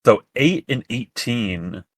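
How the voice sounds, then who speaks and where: Man, podcast host, casual chat, halting restarts, dry close sound. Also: medium pitch, expressive, no echo.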